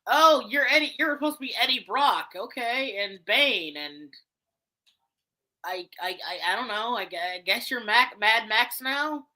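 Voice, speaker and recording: A woman in casual chat about voice casting, blunt and profane, talking with animated energy. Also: a little high, measured pace. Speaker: podcast co-host.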